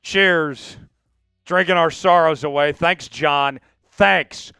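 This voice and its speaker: A man's voice: on the high side, takes it slowly, creaky, bright, forceful tone, smooth, dry recording, studio quality, soft background music. A man hosting a live sports stream, hyped and pleading with viewers, with bursts of mock outrage. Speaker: livestream sports show host. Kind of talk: casual live-stream chat.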